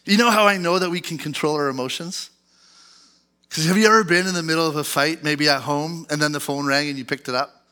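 A male pastor in his thirties preaching a sermon in church, animated and acting out angry outbursts. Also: fairly high pitch, a little fast, clean tone. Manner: animated, acts out outbursts in a loud put-on voice.

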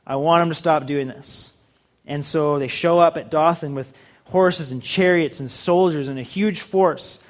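Guy pastor with a pretty high voice, preaching, jokey and chatty. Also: measured pace. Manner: humorous, acts out dialogue. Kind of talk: sermon.

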